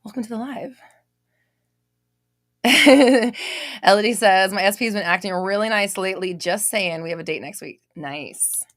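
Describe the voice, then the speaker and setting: A young woman hosting a casual live stream, reading out comments, loud and expressive, laughing often and swearing casually. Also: medium pitch, normal speed, dry recording, clean studio sound.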